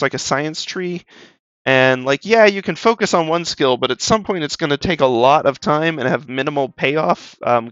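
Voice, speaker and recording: A man's voice: fairly high pitch, fairly bright tone, clean tone, no room sound, muffled recording. A tired but bubbly man chatting casually while he draws on stream, rambling with lots of ums and little laughs. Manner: rambling, upbeat, chuckles, many ums. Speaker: art streamer.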